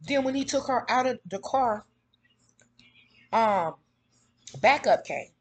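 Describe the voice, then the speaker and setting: A woman in casual commentary, retelling events in an animated, outraged way. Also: fairly high pitch, slow, background noise. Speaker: vlogger.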